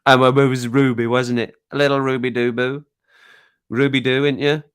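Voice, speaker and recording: A man's voice: medium pitch, flat delivery, normal speed, clear, resonant tone. A middle-aged man from England hosting a casual live chat, reading out comments, laughing often and baby-talking to his cat at home. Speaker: livestream host.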